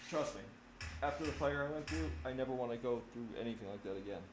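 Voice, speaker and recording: A man rambles to his stream audience in a casual, profane way, swearing freely and getting animated as he makes his point. His voice sits in a middle pitch, and the room rings with echo under a clear layer of background noise. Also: fast talker. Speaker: livestreaming drummer. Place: home room.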